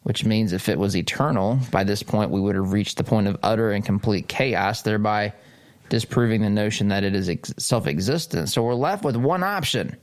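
A man's voice: fairly low pitch, normal speed. A man hosting a conservative talk radio show, talking in a chatty, rambling, argumentative way with frequent chuckles.

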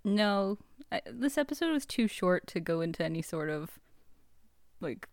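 A woman chats casually on a podcast, trading reactions and opinions with a co-host. Her voice sits at a middle pitch, close to the mic with no room sound. She laughs easily and fills her sentences with "like.". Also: very animated, moderate pace, gravelly, dry recording. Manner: chatty, laughs often, hedges with "like". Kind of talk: casual chat.

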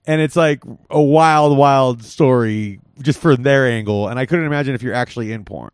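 A man's voice: medium pitch, normal speed, clean tone, no echo, studio quality. A man hosting a podcast in casual chat, rambling and giggling through crude jokes. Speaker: podcast host.

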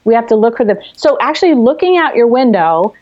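A woman therapist on an interview, explaining calming techniques in a gentle, explanatory way with frequent fillers and restarts. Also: fairly high pitch, a little fast, highs cut off, soft background music. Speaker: therapist guest. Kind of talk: conversational teaching.

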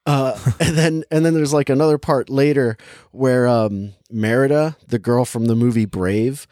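A young man co-hosting a podcast chats casually while reviewing a movie, rambling with plenty of filler words and laughing easily. His voice is mid-range and warm, at a moderate pace. The recording is clean studio audio with no room sound.

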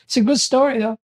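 Brief: older male guest, lively storyteller who acts out quoted voices, recorded dry and close. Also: very high-pitched, no echo. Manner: animated, acts out quoted voices, laughs often. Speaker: interview guest. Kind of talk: storytelling interview.

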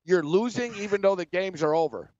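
A man's voice: sits high, expressive, brisk, a little mellow, no echo. Give me an easygoing male betting host, a little sick, in a dry, dull recording. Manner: easygoing, laughing, teasing. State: coughing, unwell. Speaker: sports betting show host. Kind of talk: casual sports betting talk.

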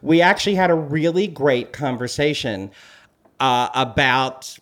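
A man co-hosting a casual podcast chat as a celebrity blogger, telling stories with animated swings in his voice. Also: unhurried. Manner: animated storytelling, lively swings in pitch.

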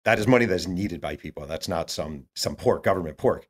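A man with a fairly low voice talks as a guest author. He tells his stories with energy and acts out the quotes of other people, with plenty of ums and uhs. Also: expressive, brisk. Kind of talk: animated storytelling.

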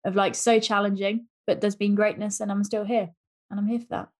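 A playful woman co-hosting a podcast who talks at a quick clip. She keeps the chat loose and lively and laughs easily. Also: medium pitch. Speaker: podcast co-host. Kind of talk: casual chat.

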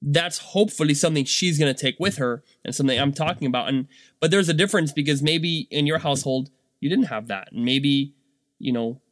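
A man's voice: on the high side, brisk, fairly bright tone, no echo, clean studio sound. A man in his thirties, a business owner and dad, talking casually and full of fillers and rhetorical "right?" checks. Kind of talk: casual monologue.

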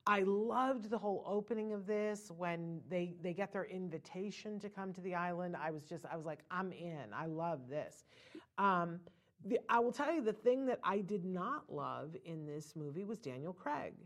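Frank, animated woman reviewing films. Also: lowish voice, moderate pace. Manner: animated, frank, laughs often. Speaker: film review co-host. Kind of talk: casual film review chat.

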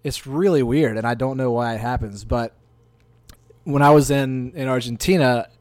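A man's voice: mid-range voice, moderate pace, darkish tone, dry recording. A man from North Carolina in casual chat, telling stories in a rambling, hedging way.

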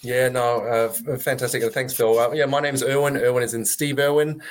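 A man's voice: medium pitch, flat delivery, fairly quick. An Australian man talking as an interview guest, chatty and joking, full of fillers and restarts. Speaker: guest, web agency founder. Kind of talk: casual interview talk.

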